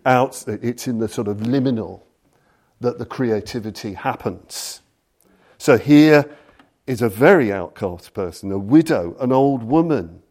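A man lecturing on Buddhism, telling a story slowly and deliberately and reading passages aloud. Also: medium pitch, darkish tone.

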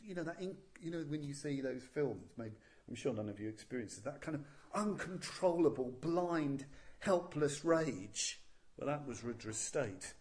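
A man's voice: medium pitch, darkish tone. A man, a Buddhist teacher telling a legend with playful, chuckling asides to his listeners. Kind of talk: storytelling talk.

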